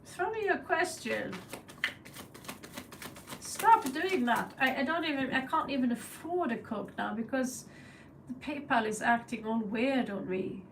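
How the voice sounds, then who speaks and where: This Norwegian-accented tarot host from Norway keeps her live stream casual and chatty, cursing, laughing, and mimicking crow calls. Her voice runs on the high side at a normal speed, recorded from a distance with poor audio and slight background noise.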